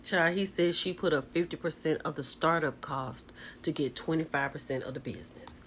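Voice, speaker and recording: A woman's voice: sits low, moderate pace, slight background noise. Gossipy woman recapping a show. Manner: animated and gossipy, keeps saying "child" and "baby". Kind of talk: casual reality-show recap commentary.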